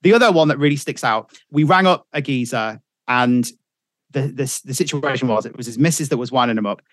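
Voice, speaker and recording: A man's voice: mid-range voice, a little fast, no echo, clean studio sound. A middle-aged man, a radio presenter telling stories in casual chat, swearing freely. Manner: animated storyteller, swears freely.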